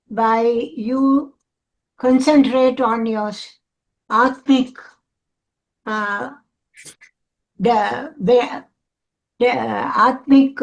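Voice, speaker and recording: Very slow, halting older woman. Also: fairly high pitch. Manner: halting, searching for words. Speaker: study group participant.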